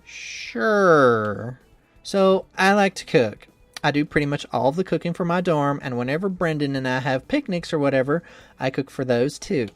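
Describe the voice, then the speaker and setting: A man's voice: fairly high pitch, lively intonation, normal speed, no echo, lightly acted. A man voicing a cheerful young woman trainer who is anxious about her cooking, reading a visual novel game in an earnest, rambling, self-doubting way.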